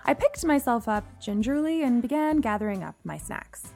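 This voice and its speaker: A woman narrating a first-person story in an expressive, animated way. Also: on the high side, moderate pace, soft background music.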